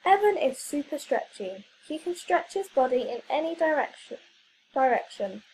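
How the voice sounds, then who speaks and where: A woman reading a children's story aloud, clear and expressive. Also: sits high, normal speed, slight background noise, low-quality recording.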